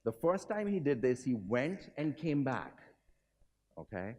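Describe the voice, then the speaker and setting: Man, keynote speaker, lively pitch, storytelling, quizzes the audience, motivational business talk. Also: a little slow. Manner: animated, swings pitch and volume. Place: hotel conference hall.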